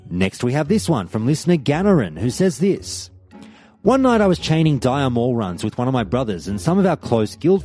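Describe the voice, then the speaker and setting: Animated male podcast host, mellow voice. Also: lowish voice. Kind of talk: reading listener stories aloud.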